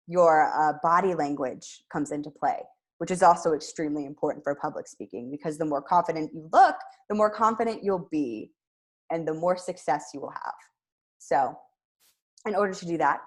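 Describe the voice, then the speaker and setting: Woman teaching public speaking, clear and upbeat. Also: low-pitched. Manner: clear, upbeat, demonstrates with examples. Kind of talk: instructional lesson to camera.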